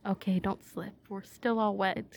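Slow, giggly woman in teasing role-play. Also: medium pitch, steady tone, creaky, a little mellow, breathy edge. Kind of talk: intimate audio role-play addressed to listener.

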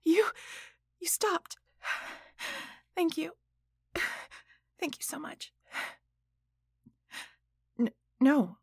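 A woman's voice: high voice, animated, very slow, long pauses, darkish tone, no echo, studio quality, exaggerated voice. A woman voicing a proud, defiant female boss and mother in an adult audio role-play, talking breathily and dropping into whispers. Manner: breathy, moaning, sudden whispers.

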